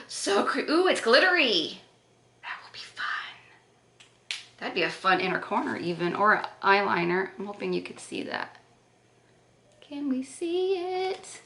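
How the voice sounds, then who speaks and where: In an echoey room, a beauty vlogger unboxes makeup, chatting and gushing with gasps and self-corrections. Her mid-range voice is bright and forceful, and the recording carries a roomy echo.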